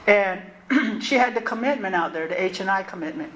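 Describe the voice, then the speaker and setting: A woman, telling her personal recovery story to a meeting in a candid, conversational and animated way. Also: mid-range voice, a little fast. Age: 60s. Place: meeting hall. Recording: roomy hall, faint noise.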